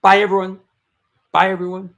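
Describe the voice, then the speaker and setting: A man's voice: sits high, completely flat delivery, fairly quick, a bit bright. A man hosting a live talk show, reading sponsor plugs and event listings in a loose, hyped way with frequent restarts. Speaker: show host. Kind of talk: livestream talk show chat.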